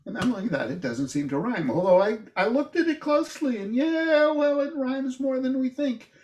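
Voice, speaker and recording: An older man teaching an informal poetry class. He talks in a thoughtful, halting way with many restarts and fillers. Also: lively intonation, a little mellow, reverberant. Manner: livelier and higher when reading verse aloud.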